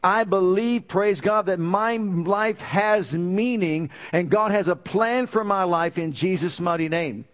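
Preaching a sermon in a fairly high voice, a man proclaims scripture with emphasis and presses his audience with rhetorical questions. He speaks a little slowly, with hardly any pauses.

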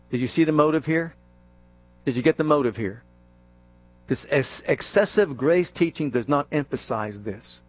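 A man preaching a sermon, reading scripture aloud and calling out questions to the congregation, stressing key words and dropping low for emphasis. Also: expressive, normal speed. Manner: calls out questions to the congregation and answers them.

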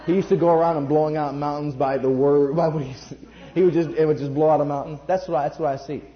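Male preacher, high voice, emphatic sermon delivery, echoey lo-fi church recording. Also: steady tone, quick pace. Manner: emphatic, swings between loud bursts and quiet asides. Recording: echoey room, dull lo-fi sound.

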